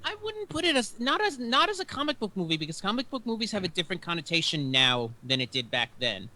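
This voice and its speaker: A man co-hosting a casual movie talk show, explaining points in a measured way. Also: high-pitched, sing-song, pushed and bright. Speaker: podcast co-host.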